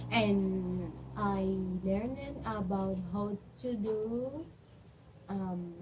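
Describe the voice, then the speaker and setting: A young adult woman student reviewing what she learned in class, halting and searching for words, with frequent restarts. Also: mid-range voice, noisy background. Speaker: student presenter.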